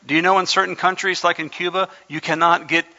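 Gravelly preacher in an echoing hall. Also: male voice, sits high, level tone, fast talker, pushed and bright, dull audio. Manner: conversational, rising to impassioned. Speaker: pastor. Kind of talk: sermon.

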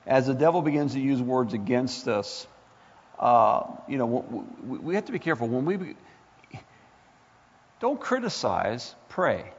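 Impassioned husky preacher in a hall. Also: male voice, medium pitch, lively intonation, normal speed. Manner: impassioned, rising to near-shouts, rhetorical questions. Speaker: pastor. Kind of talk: sermon. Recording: echoey hall, dull lo-fi sound.

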